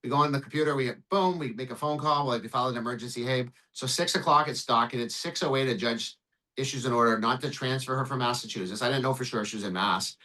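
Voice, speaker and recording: A man who works as an immigration lawyer, telling a case story in an interview in an animated way, swearing and acting out the dialogue. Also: medium pitch, fast, low-quality recording. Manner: animated, profane, acts out dialogue.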